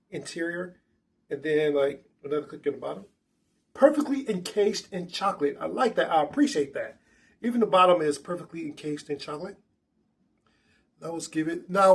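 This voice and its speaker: A man hosting a casual snack review vlog, chatty and animated, talking straight to his viewers. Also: a little high, slightly rough. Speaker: vlogger.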